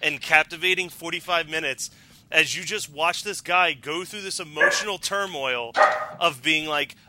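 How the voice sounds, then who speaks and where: Bright, excitable male podcaster. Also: a little high, normal speed, slight background noise. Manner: excited, rambling, profane. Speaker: podcast co-host. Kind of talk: casual podcast chat.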